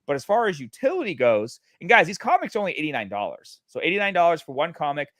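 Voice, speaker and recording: A man in casual livestream chat, pitching his project with many fillers and restarts. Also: huge pitch swings, fast talker, fairly bright tone, dry recording. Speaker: guest, NFT project creator.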